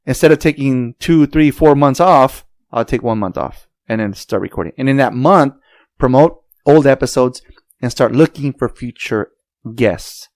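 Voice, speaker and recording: A podcast host chats casually in a mid-range, slightly mellow voice at normal speed, laid-back and loose with his slang. The sound is clean studio audio with no room sound.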